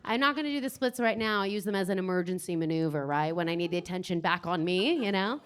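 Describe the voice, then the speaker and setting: A woman's voice: medium pitch, very animated, quick pace, fairly bright tone, smooth. A young Canadian woman doing stand-up crowd work in a comedy club basement, teasing the audience and swearing freely.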